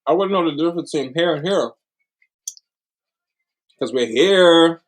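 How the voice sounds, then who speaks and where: A man's voice: on the high side, animated, a little slow, poor audio. A young man co-hosting a casual livestream chat, rambling and apologetic, laughing often. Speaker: livestream co-host.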